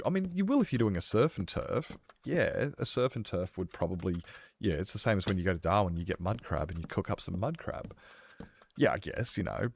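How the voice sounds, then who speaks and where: A man's voice: lowish voice, a little mellow. An Australian man streaming a game, chatting casually and rambling with lots of fillers while he responds to chat.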